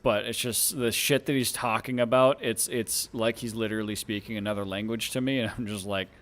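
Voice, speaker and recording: A man's voice: on the low side, fairly even intonation, brisk, a bit bright. A man streaming a driving game, chatting casually with lots of laughs and rambling restarts.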